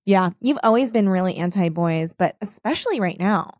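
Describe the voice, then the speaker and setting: A woman's voice: mid-range voice, animated, moderate pace, darkish tone, no echo. Chatty young woman, dry close sound. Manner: chatty, frequent "like", profane, mimics characters. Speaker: podcast co-host. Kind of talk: casual book discussion chat.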